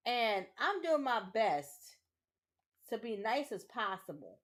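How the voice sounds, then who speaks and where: A mother in her thirties vents to her livestream chat in an angry, repetitive rant. Her voice sits a little high for a woman. She swears freely and circles back to the same points over and over. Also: sing-song, slow pace, a bit bright. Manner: angry ranting, swears, repeats herself. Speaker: streamer, mother. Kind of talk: casual livestream chat while gaming.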